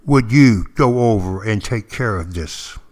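A man's voice: fairly low pitch, lively intonation, unhurried. A man voicing an older Comanche sister who firmly scolds and questions her little brother during a spoken story. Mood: exasperated. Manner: firm, questioning, teacherly.

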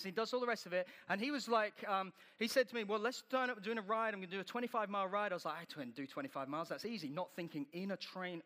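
A man preaches in a high, bright, sharp voice, telling his stories in a lively way and acting out each scene. His sermon rings with the long reverb of a large hall. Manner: animated storytelling, acting out scenes.

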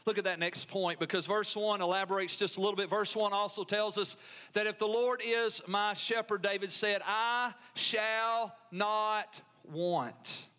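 Bright high-voiced Southern pastor preaching. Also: male voice, little pitch movement, a little fast. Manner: call-and-response preaching, emphatic repetition. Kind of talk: sermon.

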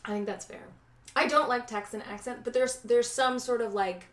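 A woman's voice: fairly high pitch, steady tone, moderate pace, a bit bright, roomy sound. A woman from Chicago co-hosting a podcast in casual chat, blunt and sarcastic, often trailing off into mumbles. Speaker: podcast co-host.

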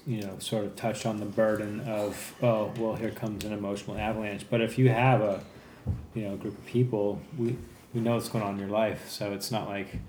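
A man with a lowish voice chats easily as a podcast guest, agreeing and building on what others say. His voice rings in an echoey room with a little noise behind it. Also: steady tone, normal speed, darkish tone. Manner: agreeable and conversational, calls friends "man". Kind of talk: casual chat.

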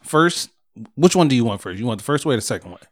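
A man co-hosting a podcast, chatting casually with a friend. His voice has a mid-range pitch. He teases and walks through his ideas step by step. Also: big pitch swings, quick pace. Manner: teasing, lays out plans step by step. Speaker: podcast co-host. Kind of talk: casual chat.

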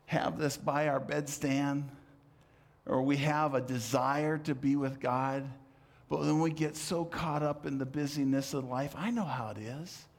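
A middle-aged male pastor delivering a sermon, swinging from loud emphatic calls to soft, low asides. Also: creaky.

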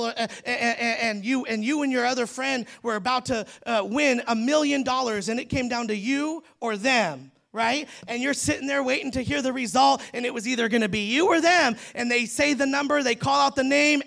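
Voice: sits high, creaky, fairly bright tone. A preacher giving a sermon in a conversational, humorous storytelling manner and speaking straight to the congregation. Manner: addresses the congregation directly.

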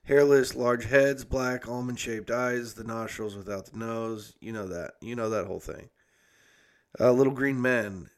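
A young adult man hosting a podcast keeps a measured pace in a mid-range voice. His casual talk rambles, heavy with profanity, and is peppered with fillers and self-corrections.

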